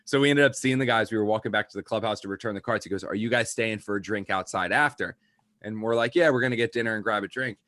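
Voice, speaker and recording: A man's voice: on the low side, quick pace, fairly bright tone, dry recording, studio quality. A young man, a podcast co-host, telling a rambling casual anecdote full of "like" and quoted lines. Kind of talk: casual chat, storytelling.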